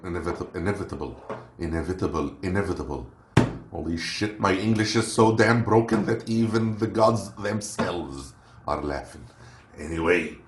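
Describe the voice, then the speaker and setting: Man rambling through a review. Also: deep voice. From Lebanon. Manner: rambling, joking, searches for words. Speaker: unboxing vlogger. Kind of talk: casual review vlog. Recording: roomy echo with faint noise.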